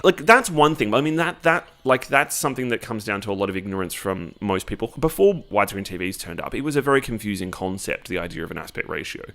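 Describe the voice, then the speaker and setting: A man with a fairly low voice rants about films on a casual podcast. His pitch swings widely as he talks, and he leans hard on his words with plenty of swearing. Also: fast, hardly any pauses. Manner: animated, swearing, emphatic. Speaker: podcast co-host. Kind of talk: casual film chat.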